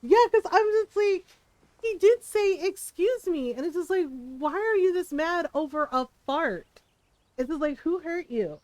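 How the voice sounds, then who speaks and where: High-voiced chatty woman streamer. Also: lively intonation, normal speed, dry recording. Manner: chatty storyteller, laughs often, acts out quotes. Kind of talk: casual chat while gaming.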